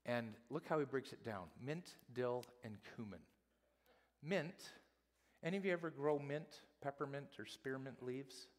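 A male pastor preaching a sermon in a church, telling stories with animated delivery and acting out the people he quotes. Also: mid-range voice, moderate pace. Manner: animated storytelling, acts out quotes. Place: church sanctuary. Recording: long hall reverb in a church.

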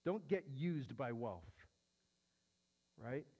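A man's voice: mid-range voice, animated, very slow, slightly rough, in a large hall, dull audio. A man teaching as a pastor answering questions, explaining step by step and often checking in with "right?". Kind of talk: teaching sermon.

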